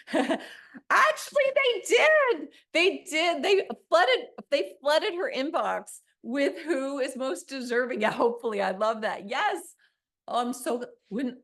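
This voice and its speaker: Lively Canadian woman giving a keynote. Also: mid-range voice. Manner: lively storytelling, asks the audience questions. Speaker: keynote speaker. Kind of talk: conference talk.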